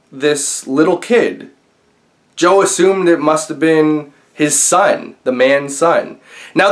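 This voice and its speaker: A man telling a story to his viewers in an easy, conversational way. His voice sits in an ordinary middle register, and he pauses on fillers and restarts as he goes. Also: mid-range voice, fairly bright tone. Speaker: vlogger. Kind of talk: casual storytelling.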